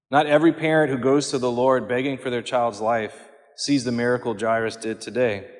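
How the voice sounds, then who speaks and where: A man giving a homily on scripture in a measured, earnest way, slowing down whenever he quotes. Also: medium pitch. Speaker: priest. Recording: long hall reverb.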